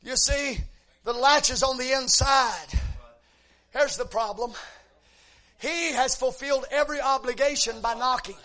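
A man preaching a sermon, moving between relaxed storytelling and shouted, drawn-out exhortation, dropping in frequent amens. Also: very high-pitched.

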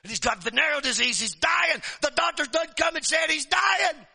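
A man preaching a sermon in an emphatic, repetitive style, often shouting his phrases. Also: very high voice, animated, normal speed, vocal fry, in a large hall.

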